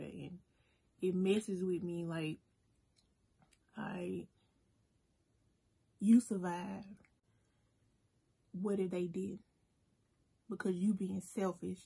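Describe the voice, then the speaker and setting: A woman with a mellow, slightly husky voice tells a personal story in a loose, chatty way. She talks directly to her viewers and keeps the delivery animated. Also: on the low side. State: emotional at moments, briefly choked up. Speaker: food vlogger. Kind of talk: casual storytime while eating.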